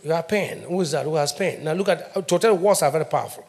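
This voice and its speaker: A man's voice: on the high side, quick pace, darkish tone. A middle-aged man with a Nigerian accent preaching a sermon as pastor, emphatic, asking the congregation questions and having them answer. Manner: emphatic call-and-response preaching.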